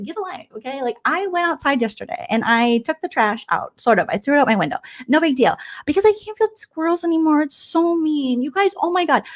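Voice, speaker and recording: A woman doing a comedic impression of a catty, self-absorbed 54-year-old female streamer, rambling and gossipy with valley-girl fillers. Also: sits high.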